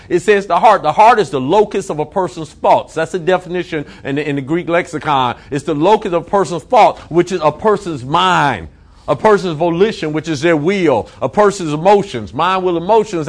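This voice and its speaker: A male pastor preaching a sermon, emphatic, repeating phrases and drawing out key words slowly. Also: on the high side.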